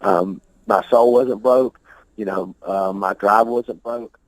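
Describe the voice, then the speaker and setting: A man's voice: fairly low pitch, fairly even intonation, takes it slowly, no room sound, rough recording. A man being interviewed about his music, talking in a loose, rambling, profane way, often repeating himself and laughing. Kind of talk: casual interview talk.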